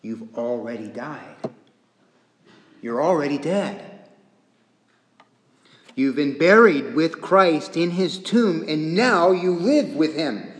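Male pastor, sermon delivery, slow and earnest, long church reverb. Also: a little high, a little hiss or hum. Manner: earnest preaching with repeated phrases, pausing often.

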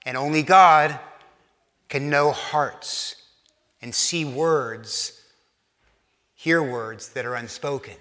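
A man's voice: mid-range voice, slow pace, pauses often. Earnest preacher man in a reverberant hall. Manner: earnest, repeats and restarts phrases, drops soft for emphasis. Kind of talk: sermon.

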